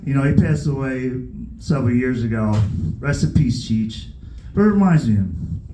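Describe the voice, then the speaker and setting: A male stand-up comedian telling a story on a club stage in a profane, animated way, with shouted punchlines. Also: mid-range voice, moderate pace, roomy sound, a little hiss or hum, low-quality recording.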